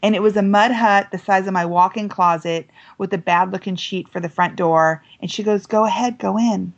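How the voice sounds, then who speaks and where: Woman, American, middle-aged, guest, animated storytelling, dull lo-fi audio. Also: moderate pace. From United States. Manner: lively, quotes voices with big pitch jumps.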